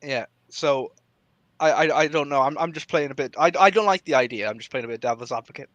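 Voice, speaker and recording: A male podcast host with a bright, forward voice, recorded close and dry with no room sound. He chats casually about politics, animated and laughing easily, his pitch leaping up whenever he jokes. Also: brisk, no room sound, lo-fi sound. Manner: animated, laughs often, jumps up in pitch when joking.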